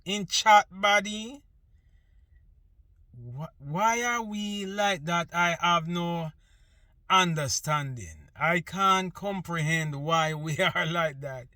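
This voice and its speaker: Jamaican man with a bright voice. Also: fairly high pitch, slow, no echo. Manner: earnest, opinionated, mixing patois with English. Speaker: host. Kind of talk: casual monologue.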